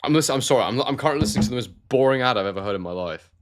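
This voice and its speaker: A man's voice: mid-range voice, rapid-fire. A man with a neutral southern English accent, hosting a casual live stream and chatting about boxing while reading out viewer comments. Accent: neutral southern English, no regional trace. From Scotland. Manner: relaxed, chatty, addresses viewers as mate. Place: warm room at home.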